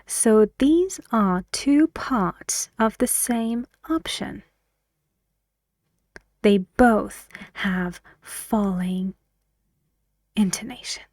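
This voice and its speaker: A woman teaching an English pronunciation lesson, speaking slowly and deliberately, repeating each word several times and sometimes dropping to a soft whisper. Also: medium pitch, no echo.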